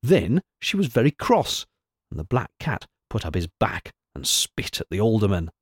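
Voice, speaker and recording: Lively male storybook reader. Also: fairly low pitch, normal speed, breathy edge, no room sound, studio quality. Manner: expressive, animated storytelling. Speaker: narrator. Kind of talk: storybook reading.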